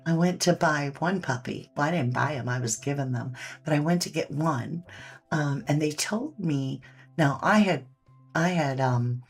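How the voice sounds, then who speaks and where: A woman chats with her live-stream viewers in a low, husky, slow voice. She reads their comments aloud, and faint music plays underneath. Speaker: live-stream painting host. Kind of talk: casual live-stream chat.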